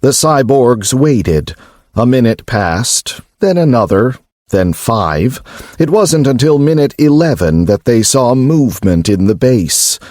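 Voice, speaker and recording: A man narrating an audiobook in a measured storytelling manner. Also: mid-range voice, big pitch swings, a little mellow, dry recording, studio quality.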